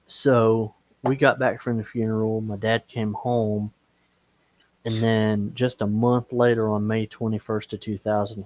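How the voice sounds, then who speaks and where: A man on a live stream call, telling a personal story slowly and with feeling. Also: lowish voice. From Okeechobee, Florida. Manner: slow, emotional storytelling, breaks into singing gospel and country songs. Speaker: guest.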